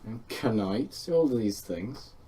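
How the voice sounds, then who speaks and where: A man's voice: on the low side, expressive, slow, warm tone. Teasing man giving notes on takes. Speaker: friend directing the recording. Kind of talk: casual banter.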